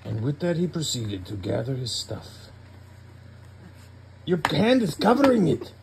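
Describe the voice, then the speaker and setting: A cranky, sarcastic chimpanzee, played by a man, grumbling through a bedtime story in a comic pet video. His voice is gravelly, and he swoops up and down as he complains. Quiet background noise sits under it. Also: fairly high pitch, wildly swooping pitch, unhurried, heavily acted. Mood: whiny. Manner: grumbling, exasperated, wisecracking.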